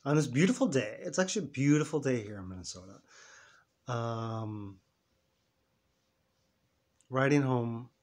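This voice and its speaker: A man's voice: mid-range voice, animated, unhurried, pauses often, darkish tone. A man in his fifties telling an emotional personal story in a rambling, heartfelt vlog. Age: 50s. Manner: emotional, rambling, talks to himself in quoted voices. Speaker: vlogger.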